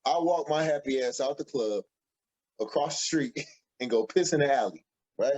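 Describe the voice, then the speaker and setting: A man, co-hosting a podcast and telling an animated story, acting out the quotes excitedly. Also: medium pitch, moderate pace. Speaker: podcast co-host. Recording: dull lo-fi audio.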